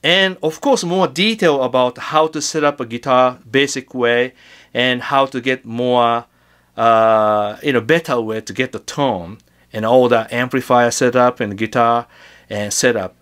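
A man teaching guitar in a casual lesson, chatty and halting, often repeating words as he demonstrates. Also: mid-range voice, fairly bright tone.

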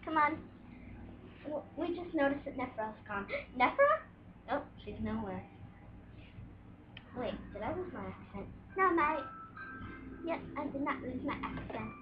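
High, lively woman doing playful doll voices. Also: moderate pace, long pauses, over music. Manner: playful, switches between character voices with squeals and gasps. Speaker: doll-play video maker. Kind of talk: improvised doll play, voicing several characters. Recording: muffled home video with loud background noise.

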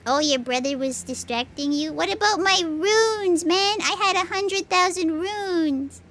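A woman streaming games live, talking excitably with frequent giggles and dramatic outbursts. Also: very high-pitched, a little slow, hardly any pauses, background noise. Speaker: game streamer. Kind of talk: live gameplay commentary.

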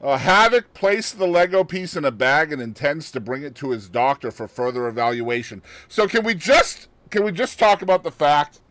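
A male podcast co-host chats casually, reading a news story aloud and breaking off for laughs and joking remarks. His voice sits somewhat high and moves through a wide, animated range. The sound is dry and close, with no room echo. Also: normal speed, hardly any pauses.

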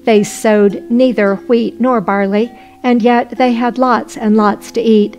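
A woman narrating a folk tale audiobook in a steady storytelling voice. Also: fairly high pitch, slow, faint music behind.

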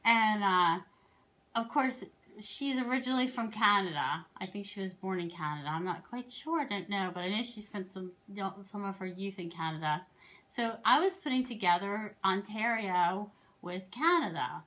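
A woman from Pennsylvania, a crafting vlogger, chatting casually as she shows her projects, rambling and excitable with many asides. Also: medium pitch, normal speed. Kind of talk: casual chatty show-and-tell.

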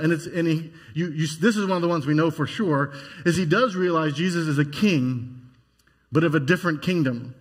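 Husky-voiced man preaching conversationally. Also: fairly high pitch, moderate pace. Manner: conversational, musing preacher with many restarts. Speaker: pastor. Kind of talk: sermon.

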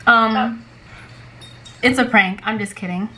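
A young woman vlogger with a bright, crisp, fairly high voice. She chats casually to her viewers, giggling often and leaning on "like" as a filler. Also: steady tone, slow. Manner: chatty, giggly, lots of "like". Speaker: vlogger pranking her best friend. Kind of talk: casual chat to camera.

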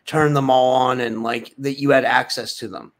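A man's voice: mid-range voice, fairly even intonation, moderate pace. A man hosting a podcast, asking easygoing questions in a casual interview. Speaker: podcast host.

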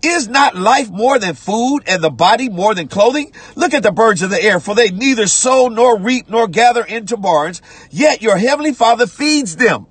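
A man preaching a sermon as pastor, repeating phrases and breaking into shouts while reading scripture. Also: sits high, animated, moderate pace, few pauses, husky, dry recording. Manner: preaching with repetitions, rising to shouts; conversational church talk, "watch this".

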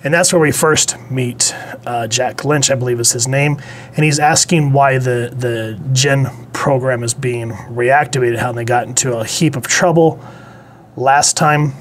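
A man's voice: mid-range voice, fairly even intonation, measured pace, slight background noise. A man giving a casual spoken comic book review, chatty and digressive, blunt, with casual swearing.

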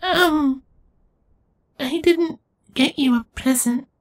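A woman's voice: high voice, drawn-out words, heavily acted. Woman doing a shy little changeling boy. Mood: guilty. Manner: hesitant, guilty and soft-spoken. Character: shy small male changeling nymph child.

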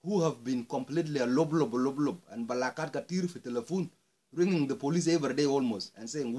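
A man's voice: mid-range voice, a little fast, a little mellow. A man from South Sudan delivering an angry, impassioned monologue, swearing and rising into outbursts. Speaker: speaker airing grievances.

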